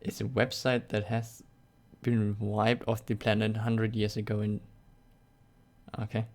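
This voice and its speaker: A young YouTube channel host, native to German and speaking with a German accent, fields chat questions on a casual live stream, answering sarcastically with jokes and frequent laughs. His voice is fairly low and creaky, delivered in a monotone at a measured pace.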